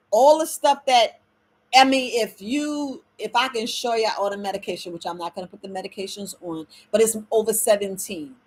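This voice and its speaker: A middle-aged woman herbalist talking casually to viewers on a live stream from home, animated and preachy, calling them family. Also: a little high, slightly rough.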